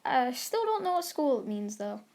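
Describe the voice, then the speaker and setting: A cheerful, carefree teenage boy hero, voiced by a woman telling a fan story. He sounds eager and easygoing, in a slightly high voice. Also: sing-song, moderate pace, darkish tone.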